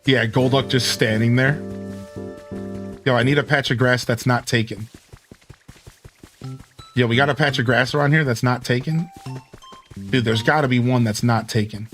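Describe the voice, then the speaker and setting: A man's voice: medium pitch, steady tone, normal speed, pauses often, a bit bright, faint music behind. A man casually commentating a game stream, greeting chat and humming along. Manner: laid-back, says dude, greets chat, hums along. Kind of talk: casual let's play commentary.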